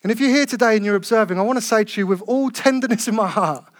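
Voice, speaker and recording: A man preaching a sermon in church, passionate, rising to loud calls and falling to soft, tender lines. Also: sits high, fast, no room sound, clean studio sound.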